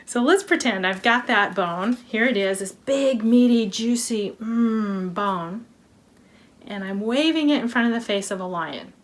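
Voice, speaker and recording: Slow, playful woman telling a lesson story. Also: medium pitch. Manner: playful, uses props and voices. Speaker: wellness educator.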